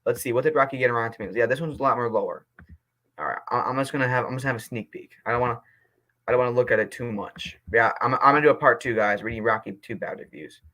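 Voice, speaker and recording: A young man talks casually to his viewers, reading reviews and reacting with fiery indignation. His outbursts give way to sheepish apologies, all in an everyday, mid-pitched voice. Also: sharp tone, low-quality recording. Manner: passionate, quickly indignant, then apologetic. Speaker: vlogger reading movie reviews.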